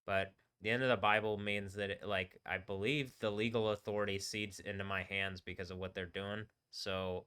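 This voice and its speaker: Bright, crisp-voiced rambling man. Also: lowish voice, level tone. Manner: rambling, halting, trails off and restarts words. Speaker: live streamer. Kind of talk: casual rambling livestream talk.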